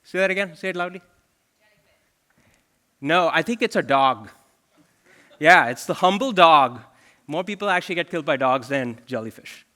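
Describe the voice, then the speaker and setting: A man's voice: on the high side, animated, moderate pace, long pauses, sharp tone. A man in his forties giving a conversational conference keynote as a chief product officer, often asking the audience questions. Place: large conference hall.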